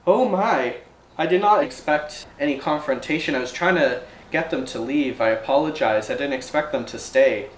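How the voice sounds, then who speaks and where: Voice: medium pitch, moderate pace, close to an everyday voice. A game master voicing a kindly, flustered woman who runs a ferry, speaking hesitantly and apologetically. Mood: apologetic. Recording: roomy echo, faint background noise.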